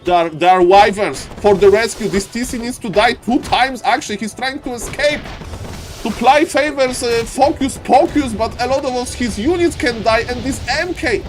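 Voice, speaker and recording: A man casting a strategy game live, with excitable play-by-play that keeps calling out to "ladies and gentlemen" and climbs high and loud in the fights. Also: normal speed, soft background music. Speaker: esports caster.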